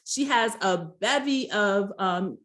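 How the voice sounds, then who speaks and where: A woman's voice: medium pitch, lively intonation, slow pace, a bit bright. A young woman casually recapping a reality show episode, chatty and hesitant, with frequent ums and restarts. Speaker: recap host.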